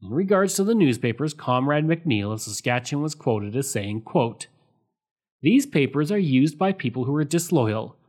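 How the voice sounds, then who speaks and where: A man hosting a history podcast, reading a scripted narration in a measured way and reading out sources marked with quote and end quote. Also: mid-range voice, very animated, a little mellow.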